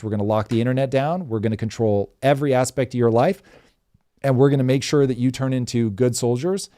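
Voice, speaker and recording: A man's voice: mid-range voice, darkish tone. A middle-aged man hosting a show, riffing with emphatic, sarcastic energy and the odd swear. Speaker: show host. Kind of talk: animated commentary chat.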